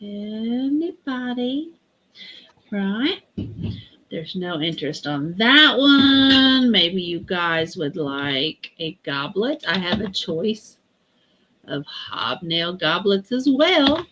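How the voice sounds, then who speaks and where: A woman hosting a live vintage sale stream, chatty and unhurried as she reads out item sizes and prices. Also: mid-range voice, very animated, a bit bright. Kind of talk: live-stream sales pitch.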